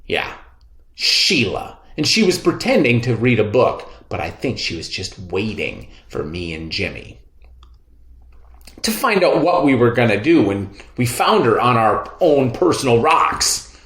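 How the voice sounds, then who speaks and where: A man reading a children's book aloud in an expressive, lively storytelling manner. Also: medium pitch, unhurried. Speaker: reader. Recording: roomy echo.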